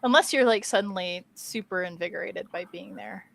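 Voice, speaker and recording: A woman's voice: mid-range voice, fairly quick, vocal fry, fairly bright tone, dry recording. A woman chatting casually on an art podcast, giggly and offhand, with the odd swear word. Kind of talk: casual chat.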